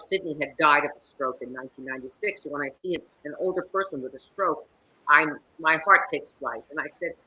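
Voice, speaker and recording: Brief: woman, bright husky voice, theatrical storyteller, video call interview. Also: low voice, low-quality recording. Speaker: guest actress. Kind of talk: interview conversation.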